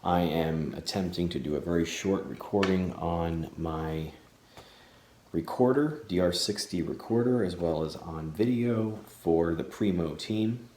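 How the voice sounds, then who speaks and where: A man with a very deep voice narrates a paranormal vlog at a slow, deliberate pace, at times calling out to unseen guides. The sound is echoey and roomy, as if recorded in a bare room. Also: a little mellow. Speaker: paranormal investigator. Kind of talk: vlog narration and spirit session.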